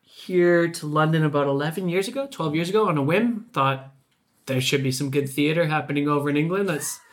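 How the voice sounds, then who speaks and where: A man's voice: fairly high pitch, brisk. A Canadian man in his thirties, a podcast guest chatting casually and laughing often as he tells a story. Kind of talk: casual chat.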